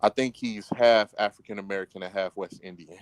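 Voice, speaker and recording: A man's voice: on the low side, fairly even intonation, brisk, a crowd in the background, low-quality recording. A man chatting casually in a laid-back, slangy way as a co-host. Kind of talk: casual chat.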